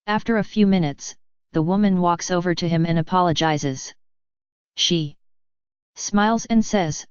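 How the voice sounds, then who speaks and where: A woman reading a series of jokes in a deadpan, measured scripted narration. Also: fairly low pitch, clear, resonant tone, dry recording, highs cut off. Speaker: joke reader.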